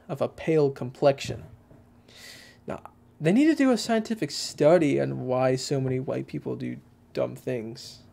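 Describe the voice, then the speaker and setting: Young man, Texan accent, gravelly, mellow tone, casual livestream chat, rambling with fillers. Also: mid-range voice. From Texas. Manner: rambling, hesitant, many fillers and restarts. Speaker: livestream host.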